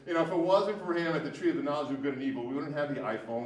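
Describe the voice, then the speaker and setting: Male storyteller, rambling and profane, live onstage, higher voice, roomy distant sound. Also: lively intonation, racing, hardly any pauses. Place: stage at a live storytelling show. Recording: echoey room, mic at a distance, faint noise.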